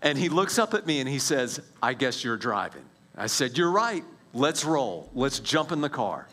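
A man in his forties sharing a personal faith testimony as a story, animated, with many restarts and quiet, hushed stretches at tense moments. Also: mid-range voice, normal speed, slightly rough.

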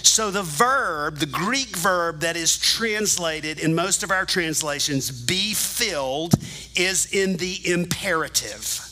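Male pastor, high bright voice, lively teaching sermon delivered straight to the congregation. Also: slow pace, rough recording. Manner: animated teaching, direct address to congregation. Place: church sanctuary.

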